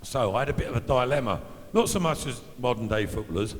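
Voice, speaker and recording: At an evening event, a former footballer in his fifties spins chatty after-dinner stories, putting on the voices of the characters he quotes. He speaks fast, with lively intonation and a medium pitch. The low-quality recording carries a big-room sound.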